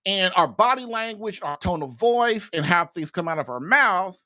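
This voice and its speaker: Male host, high-pitched, blunt and folksy, rambling advice talk. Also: lively intonation, normal speed, sharp tone. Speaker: podcast host, marriage advice. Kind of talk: casual advice monologue.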